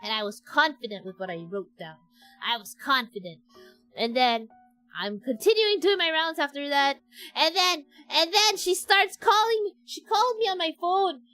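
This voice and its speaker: A woman's voice: sits high, animated, normal speed, sharp tone, soft background music, poor audio. A young woman, a doctor chatting casually on stream and rambling through a story with many restarts.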